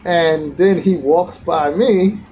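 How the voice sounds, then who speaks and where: A man's voice: fairly high pitch, slow, slight background noise, low-quality recording. Man rambling through a reflective story. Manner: meandering, restarts sentences, lively when retelling challenges. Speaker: vlogger sharing a daily teaching.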